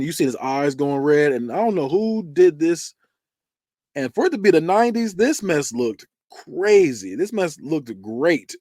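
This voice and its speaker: A man's voice: a little high, no room sound, clean studio sound. A podcast host chatting casually through movie death scenes, acting out lines and laughing as he goes. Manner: animated, acts out quotes and screams, laughs often.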